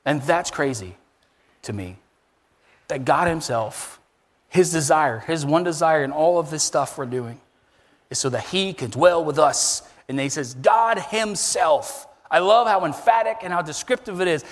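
A man preaching a sermon as pastor, emphatic and animated, his voice rising high on key words. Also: long reverb tail.

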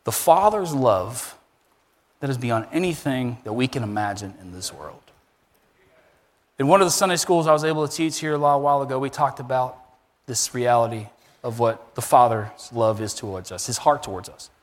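Lively preaching man in a reverberant hall. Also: medium pitch, moderate pace. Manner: animated preaching with emphatic rises. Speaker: pastor. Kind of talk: sermon.

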